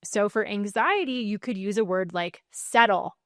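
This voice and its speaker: Soft-spoken woman sleep coach, dry sound. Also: medium pitch, normal speed, dry recording. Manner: soothing, gently firm, laughs lightly between points. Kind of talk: calm self-help teaching to camera.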